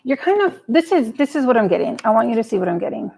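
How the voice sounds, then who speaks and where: A woman's voice: on the high side, big pitch swings, fast talker, creaky, darkish tone, low-quality recording. A woman doing a live tarot reading, chatting casually, muttering to herself and swearing freely as she pulls cards. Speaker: tarot reader. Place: home table with a cat nearby.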